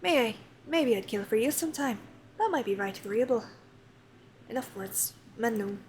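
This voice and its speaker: Blunt young pirate captain, low flat threats, quiet and cold, a woman putting it on. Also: normal speed, a little hiss or hum, natural voice. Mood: menacing. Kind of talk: reading game dialogue aloud.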